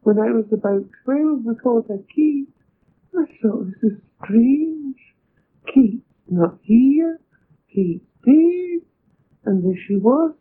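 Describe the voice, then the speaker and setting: An older woman with a Scottish accent, gently recounting a personal story in a wondering, quietly emotional way. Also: on the high side. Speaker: interviewee. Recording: tinny lo-fi tape with faint hiss.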